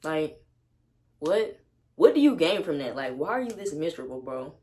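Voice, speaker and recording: A woman's voice: low-pitched, big pitch swings, moderate pace, darkish tone. A young woman telling a storytime vlog at home, blunt and slangy, with plenty of casual profanity. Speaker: vlogger. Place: at home with her dog.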